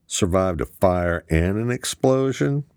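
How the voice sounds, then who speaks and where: A man's voice: deep voice, lively intonation, measured pace, darkish tone, clean tone, dry recording, studio quality, voice pushed up. A man voicing a brash, defiant young man who talks back sarcastically in an audiobook. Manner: sarcastic, confrontational.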